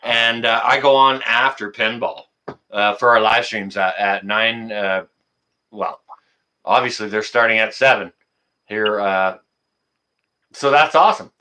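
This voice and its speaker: A man from Canada hosting a live stream and taking calls, chatting casually with excited outbursts and lots of filler words. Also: on the low side, measured pace, pauses often. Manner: excitable, loud exclamations, many fillers. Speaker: livestream host.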